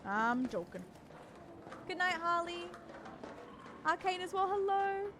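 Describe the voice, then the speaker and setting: A woman's voice: very high voice, sing-song, takes it slowly. A woman streamer chatting casually and jumpily with her viewers while she plays a game. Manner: chatty, jumpy, talks to chat while playing. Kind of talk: casual live-stream chat while gaming. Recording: noisy game stream audio.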